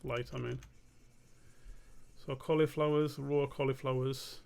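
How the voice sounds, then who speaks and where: A man's voice: mid-range voice, unhurried, gravelly, clean tone. A young man, thinking aloud in a casual, muttering way while he draws on a live stream. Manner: muttering to himself, self-questioning, relaxed.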